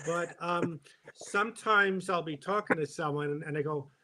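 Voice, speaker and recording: A man co-hosting a comedy stream, chatting casually with a guest. His voice sits a little higher than most men's. He laughs easily and stumbles over quick restarts as he talks. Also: background noise. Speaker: co-host of a live comedy stream. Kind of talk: casual chat.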